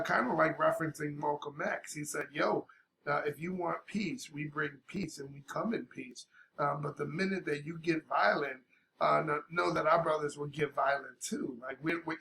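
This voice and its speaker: A man's voice: on the high side, creaky, bright, forceful tone, a little hiss or hum. A sick man at home giving casual, laid-back reaction commentary on a rap track, with fillers and some coughing. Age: older adult. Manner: laid-back, talks over paused music with fillers. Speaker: reaction video host.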